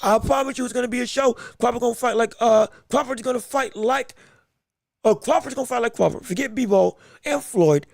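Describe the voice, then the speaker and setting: A man hosting a live boxing podcast stream, talking excitedly, laughing, restarting his sentences and calling out greetings to viewers in chat. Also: extremely high pitch, a little fast, vocal fry, dry recording, studio quality. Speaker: podcast host.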